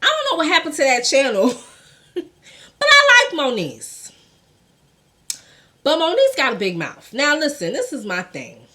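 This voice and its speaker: A woman's voice: high-pitched, wildly swooping pitch, measured pace, pauses often, bright, forceful tone. A woman hosting a casual gossip commentary show, blunt and profane, talking in with laughing asides.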